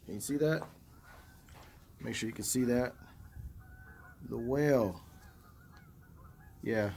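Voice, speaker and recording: A mid-range, slightly mellow male voice comes through at a slow pace, with slight background noise. He's a fishing vlogger out by a river in a snowstorm, casually chatting to viewers and teasing himself.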